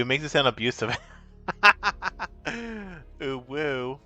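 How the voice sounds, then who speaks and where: Streaming a card game, a man makes casual, playful, rambling conversation with his viewers, sometimes lapsing into silly sing-song. He speaks slowly in a medium-pitched, pushed and bright voice with fairly even intonation, and faint music plays behind.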